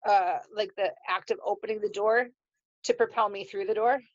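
A woman's voice: medium pitch, fairly even intonation, normal speed, no room sound. A woman in casual chat, talkative with many fillers, laughing easily. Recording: dull lo-fi dry sound.

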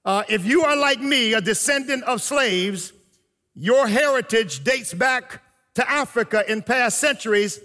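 A man preaching a sermon, with emphatic pauses and slow, drawn-out phrases. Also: extremely high pitch, pushed and bright. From United States. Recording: long hall reverb.

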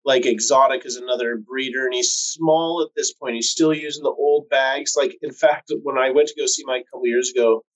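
A man's voice: medium pitch, fairly even intonation, brisk, few pauses, low-quality recording. A man who breeds cannabis, telling long stories in a laid-back, profane way, with lots of fillers, and acting out quoted voices. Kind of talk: casual storytelling chat.

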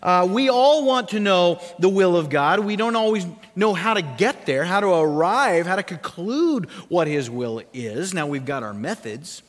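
Male pastor, sermon, animated questioning delivery, high-pitched, long hall reverb. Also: measured pace, hardly any pauses.

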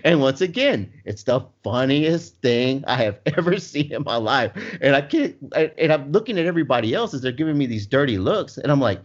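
A man's voice: mid-range voice, expressive, a little fast, few pauses. A man telling a long funny story in casual chat, laughing often as he goes. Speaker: storyteller guest. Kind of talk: casual anecdote. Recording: dull lo-fi sound.

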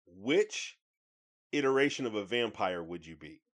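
A man's voice: fairly low pitch, animated, measured pace. A man co-hosting a podcast in casual chat, laid-back and using slang. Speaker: podcast co-host.

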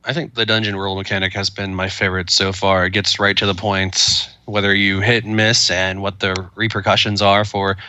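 A man answering a host's question on a casual gaming podcast, in measured, plain answers. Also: low-pitched, flat delivery, bright, forceful tone. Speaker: podcast guest, listener.

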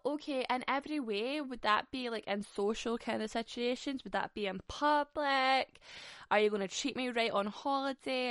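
A woman's voice: medium pitch, a bit bright, dry recording, studio quality. Sweary, chatty woman podcaster. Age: 20s. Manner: chatty, sweary and frank, laughs often. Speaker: podcast host. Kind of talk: casual solo podcast chat.

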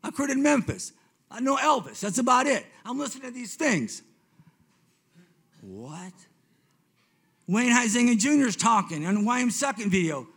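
A man's voice: extremely high pitch, fairly quick, husky. Man in his fifties giving testimony. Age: 50s. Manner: swings between hushed and excited, repeats himself. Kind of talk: personal testimony sermon.

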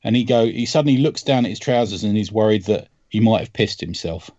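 A man talking comics on a podcast, retelling strips with bursts of laughter and put-on voices for the characters. His voice sits low and is recorded dry and a little dull. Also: quick pace, no room sound. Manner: animated storytelling, laughs often, acts out quoted lines. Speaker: podcast host. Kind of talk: casual comics chat.

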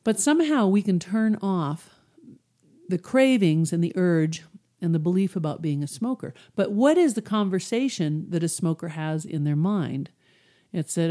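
A middle-aged woman hosting a podcast, explaining mind techniques in a relaxed, conversational way and briefly acting out people's inner voices. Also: on the low side, a little slow. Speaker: podcast host, hypnosis coach. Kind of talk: casual teaching monologue.

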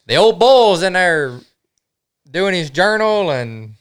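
Easygoing guy, smooth voice. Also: sits high, big pitch swings, takes it slowly. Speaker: trip companion. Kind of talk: casual storytelling.

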